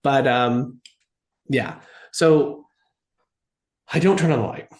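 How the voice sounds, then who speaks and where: A man, an interview guest, recounting events in an animated storytelling manner and acting out the dialogue. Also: mid-range voice, takes it slowly. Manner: animated, acts out quoted dialogue. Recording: roomy echo.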